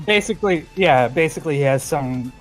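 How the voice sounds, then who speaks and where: A young man playing a tabletop game, talking in a brisk, matter-of-fact way. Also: on the high side, expressive, faint music behind. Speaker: player. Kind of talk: casual chat in a tabletop game.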